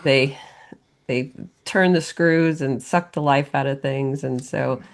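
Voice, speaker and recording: Deep-voiced woman, wry co-host. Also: slow pace. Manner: relaxed, wry, with easy backchannel agreement. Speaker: podcast co-host. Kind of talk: casual chat.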